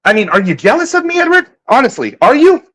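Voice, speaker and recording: A man's voice: very high-pitched, sing-song, fast, a bit bright, dry recording. A man arguing heatedly on a voice call panel, stammering and repeating himself as he talks over others. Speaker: panel speaker. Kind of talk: heated argument on an online voice panel.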